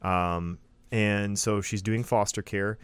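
A man's voice: fairly low pitch, fairly even intonation, slow pace, clean tone, no room sound. A man co-hosting a podcast in casual, upbeat chat, laughing easily. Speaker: podcast co-host.

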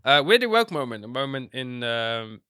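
A man with a bright voice in a dry, close recording chats about films. He hesitates with many fillers, and his pitch leaps up when he is amused. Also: sing-song, normal speed, clean tone, no echo. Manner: hesitant, lots of ums, jumps high when amused. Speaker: podcast co-host. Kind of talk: casual film chat.

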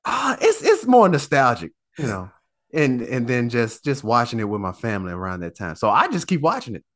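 A man co-hosting a podcast in casual chat, animated and profane, stammering and restarting as he talks. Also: medium pitch, brisk. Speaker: podcast co-host.

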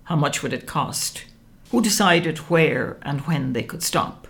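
A woman narrates a first-person novel with wry expression. Her pitch swings freely through each phrase, and a gravelly texture runs beneath her voice. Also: animated, measured pace. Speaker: audiobook narrator.

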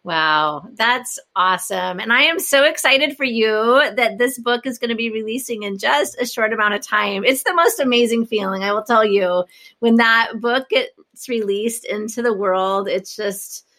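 A woman's voice: on the high side, moderate pace, pushed and bright. A woman hosting a podcast, effusive and enthusiastic in a casual interview chat. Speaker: podcast host.

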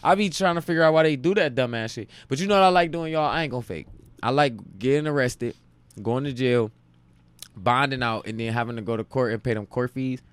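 A man from Cleveland in his late twenties, a podcast guest telling profane, animated stories in a casual chat. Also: mid-range voice, brisk, clear, resonant tone, dry recording. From Cleveland, Ohio. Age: late 20s. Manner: profane, animated anecdote-telling with frequent laughs.

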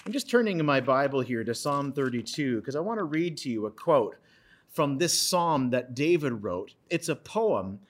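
A man preaching an earnest sermon, retelling a scripture story and reading verses aloud with dramatic pauses. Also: medium pitch. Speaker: pastor.

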